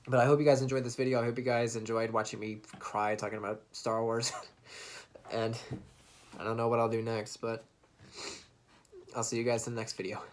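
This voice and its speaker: A man's voice: medium pitch, flat delivery, normal speed, pauses often. A young adult man talking casually to camera in a vlog, retelling a movie with eager restarts and the odd laugh. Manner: earnest, enthusiastic fan recounting a movie with restarts and laughs. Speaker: vlogger.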